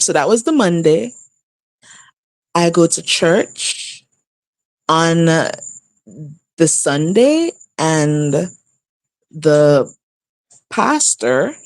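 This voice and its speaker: A woman in her thirties telling a personal story casually on a live stream, laughing often and jumping high in pitch for emphasis. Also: no room sound. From outside the U.S. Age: 30s. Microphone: live stream setup.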